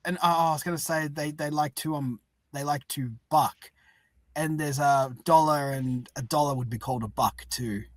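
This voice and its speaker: A man hosting a casual chat, laughing often and talking haltingly with fillers. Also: on the high side, steady tone, no echo. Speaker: podcast host.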